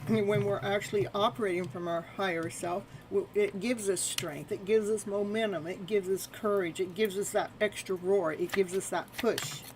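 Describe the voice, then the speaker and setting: A woman's voice: mid-range voice, fairly even intonation, normal speed, few pauses, background noise. A woman hosting a live tarot stream, repeating soothing spiritual phrases and chatting with viewers between cards. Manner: laughs often and chats with viewers.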